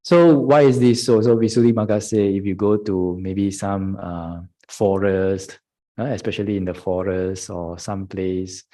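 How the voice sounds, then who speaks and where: Monk giving a mellow, chuckling dharma talk. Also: male voice, low voice, fairly even intonation, measured pace, low-quality recording. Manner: chuckles often, acts out students in quoted voices; checks in with "huh?" and "hmm?". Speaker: Buddhist monk and meditation teacher.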